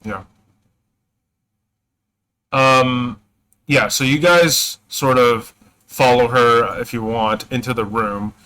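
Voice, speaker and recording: A man's voice: mid-range voice, slow, long pauses, bright, forceful tone, rough recording. A man narrating as game master, hesitant and full of fillers and self-corrections.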